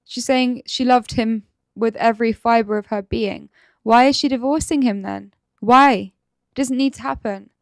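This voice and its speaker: A woman's voice: on the high side, fairly even intonation, normal speed, a little mellow, no echo, clean studio sound. A woman host giving indignant reaction commentary, firing rhetorical questions.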